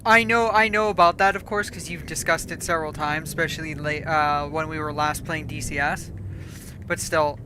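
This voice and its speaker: A woman's voice: deep voice, steady tone, moderate pace, background noise. A woman from Canada, chatting casually and self-deprecatingly while streaming a game, often muttering to herself. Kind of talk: casual livestream chat while gaming.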